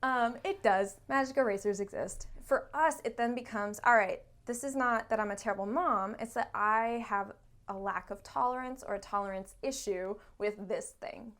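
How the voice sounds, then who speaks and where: A woman therapist talking in a relaxed podcast chat, with a voice that sits a little high. She talks in an animated way and acts out what clients and children say. She swears casually as she goes. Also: normal speed. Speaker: therapist guest.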